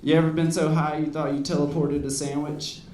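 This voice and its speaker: A man's voice: a little high, flat delivery, brisk, distant mic, heavy background noise. A man in his thirties doing a stand-up set on a club stage, rambling along with lots of "you know"s. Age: 30s. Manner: laid-back rambling delivery with many "you know"s. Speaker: stand-up comedian. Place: comedy club stage with audience. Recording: roomy club recording with crowd laughter. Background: audience laughing.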